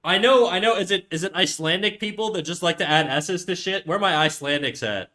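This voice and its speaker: Male streamer, slightly high, bright voice, rambling and self-mocking, casual swearing. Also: fast. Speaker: live-streaming artist. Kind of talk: casual livestream chat.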